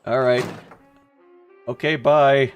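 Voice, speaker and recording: A man's voice: mid-range voice, fairly even intonation, slow pace, lo-fi sound, faint music behind. A man streaming a game, commenting crudely and jokingly with lots of swearing.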